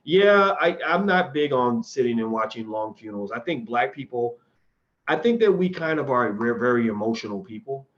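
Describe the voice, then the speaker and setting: A man hosts a casual livestream, answering viewer questions in a blunt, opinionated way. He talks in loose, rambling runs and keeps restarting his sentences. His mid-pitched voice comes through dull, lo-fi stream audio. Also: animated, moderate pace, a bit bright. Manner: rambling and conversational, with frequent restarts.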